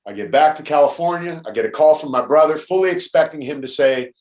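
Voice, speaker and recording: A man's voice: fairly high pitch, quick pace, darkish tone. A man in his fifties, a podcast guest, telling a personal story in an emphatic, blunt way and swearing freely. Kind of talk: casual storytelling in conversation. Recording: roomy echo.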